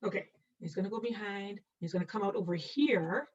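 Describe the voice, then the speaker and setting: A nursing instructor lectures online while drawing, playfully quizzing students by name and mocking her own sketch. Her voice is medium-pitched, brisk, darkish and slightly rough, and the audio is distant, dull and lo-fi.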